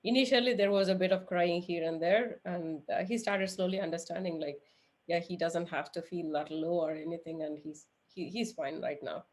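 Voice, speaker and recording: A woman's voice: lowish voice, fairly even intonation, normal speed. Earnest woman podcast host. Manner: earnest, searching questions. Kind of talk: interview conversation.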